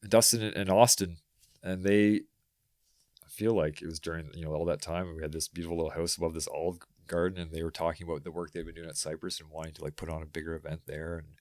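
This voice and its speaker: A man from rural Ontario, a podcast guest telling animated, rambling stories in casual chat. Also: low voice, fast. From rural Ontario, Canada. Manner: animated storyteller, rambling with restarts. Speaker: podcast guest, bike mechanic.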